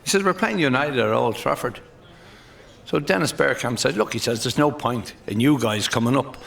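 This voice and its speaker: Irish stand-up comic, gravelly mid-range voice, chuckles through his own gags. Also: mid-range voice, fairly bright tone. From Ireland. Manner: laughs at his own jokes; tells jokes with quick put-on voices for the characters. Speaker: stand-up comedian. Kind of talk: stand-up joke telling.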